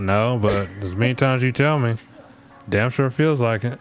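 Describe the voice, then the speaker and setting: A man's voice: on the low side, fairly even intonation, normal speed, soft background music. A man hosting a solo comedic rant, blunt and profane, slipping into voices of the people he quotes. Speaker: podcast host.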